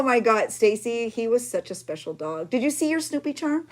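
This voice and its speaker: A woman's voice: a little high, lively intonation, moderate pace. Chatty, emotional woman craft vlogger. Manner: chatty and emotional, rambling with fillers. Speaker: junk journaling video host. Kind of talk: chatty craft vlog talk.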